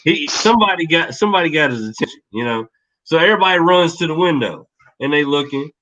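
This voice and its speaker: A man's voice: fairly high pitch, animated, fast talker, a bit bright, rough recording. A man guest telling a casual, profane story in a laid-back, rambling way.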